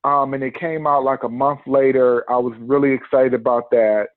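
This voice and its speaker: A man's voice: medium pitch, little pitch movement, moderate pace, no room sound. A man telling a personal story in a podcast interview, acting out the quotes and laughing often. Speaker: podcast guest. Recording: tinny phone-line sound, dry.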